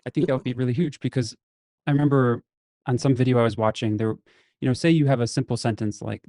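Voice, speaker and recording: A man with a mellow, darker tone hosts a casual podcast interview, asking long, winding questions. His voice sits in a mid range and sounds dry and close to the mic. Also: medium pitch, fairly even intonation, fast talker, no room sound. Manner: asks long searching questions, many "mm-hmm" backchannels. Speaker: podcast host.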